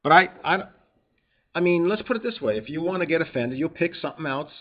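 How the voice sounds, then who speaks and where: A man's voice: on the high side, lively intonation, fast, dull audio. A man with a New York accent preaching a sermon, reading scripture aloud and explaining it in an emphatic, conversational way.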